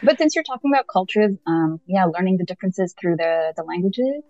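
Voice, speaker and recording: A woman's voice: lowish voice, lively intonation, brisk, dark tone, muffled recording. A young woman from Canada, a podcast guest, chatting casually and animatedly with many fillers. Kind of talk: casual conversation.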